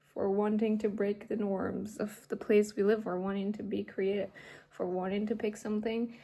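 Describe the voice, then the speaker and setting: A woman's voice: mid-range voice, flat delivery, moderate pace, gravelly, warm tone. A young woman from India, a Hindi speaker, talking candidly to her camera in a rambling, casual way, often dropping to a half-whisper. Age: young adult. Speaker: vlogger and artist. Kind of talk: casual vlog talk to camera.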